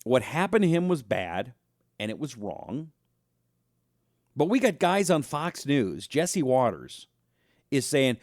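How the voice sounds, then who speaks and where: Animated man telling a story on air. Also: medium pitch, takes it slowly, pauses often, dry recording, clean studio sound. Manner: animated storyteller, acts out voices, talks directly to the audience. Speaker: talk show host. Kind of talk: casual talk-show monologue.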